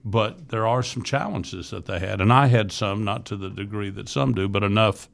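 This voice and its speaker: A man's voice: lowish voice, normal speed, vocal fry. A man in his sixties from Florida, telling his life story as a podcast guest in an earnest, candid way, with frequent restarts. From Florida, USA. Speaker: podcast guest, youth ministry leader. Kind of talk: casual interview storytelling.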